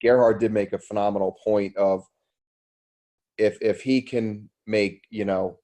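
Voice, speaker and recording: Low, even-toned man thinking aloud. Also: unhurried. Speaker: group member and house flipper. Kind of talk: casual group call. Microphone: group call audio.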